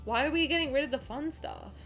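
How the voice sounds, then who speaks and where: A woman streaming and chatting casually with her chat, animated and swearing freely, dropping to low mutters and then rising to loud outbursts. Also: quick pace, soft background music. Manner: reads chat questions aloud and answers them.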